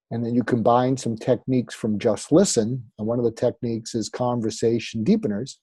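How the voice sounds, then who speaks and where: A psychiatrist and author, appearing as an interview guest, explains advice conversationally, acting out sample dialogue and using frequent fillers. His mid-range voice is dark and husky, recorded with no room sound.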